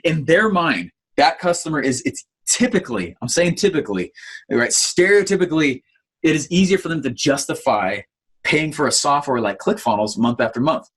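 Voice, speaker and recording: A man giving an online marketing training, telling stories in an animated way with lots of fillers. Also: a little high, normal speed, slightly rough. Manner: animated storytelling with many fillers.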